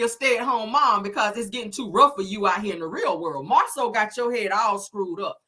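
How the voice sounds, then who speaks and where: A woman's voice: mid-range voice, lively intonation, moderate pace, hardly any pauses, sharp tone. A woman recapping a reality show in casual commentary, sassy and blunt, cussing freely.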